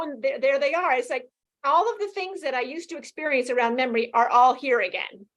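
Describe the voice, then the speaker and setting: Fast-talking animated woman in her fifties. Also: sits high. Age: 50s. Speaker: guest sharing her experience. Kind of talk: casual interview testimonial.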